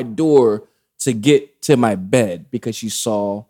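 A man with a low, mellow voice tells a story in casual chat. He is animated and swears freely, with loose street slang running through his delivery. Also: slow pace.

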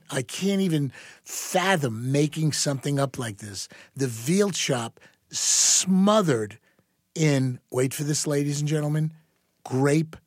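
A man's voice: medium pitch, dry recording, studio quality. A man from New York co-hosting a casual chat, telling stories with showy asides to the listeners. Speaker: podcast co-host.

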